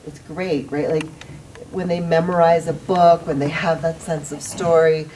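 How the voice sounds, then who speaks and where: A woman's voice: low voice, steady tone, a little slow, darkish tone, slight background noise. A woman educator reassuring parents in a casual, encouraging and playful way. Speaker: school educator. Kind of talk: casual group discussion. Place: school meeting room. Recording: voice picked up from a distance.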